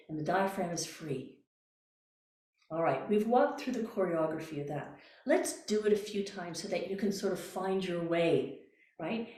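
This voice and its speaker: Gentle woman voice coach, roomy sound. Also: mid-range voice. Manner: calm, gentle, coaching cues. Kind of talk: guided workshop instruction. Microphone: video call.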